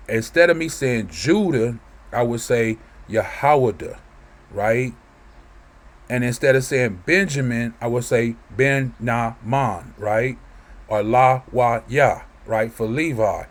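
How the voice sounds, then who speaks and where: Male preacher, casual scripture teaching, keeps checking in with listeners. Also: medium pitch. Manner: conversational, keeps asking "right?".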